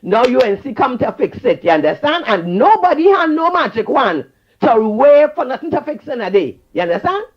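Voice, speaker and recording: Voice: sits high, big pitch swings, normal speed. A caller with a Trinidadian accent, scolding fervently and repeating phrases on a call-in show. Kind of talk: impassioned call-in rant. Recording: dull lo-fi call-in line.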